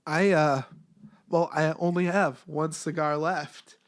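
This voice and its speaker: A man talks as a guest in a casual podcast chat. He is blunt and laid-back and swears freely. His voice sits a little higher than most men's. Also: steady tone, takes it slowly.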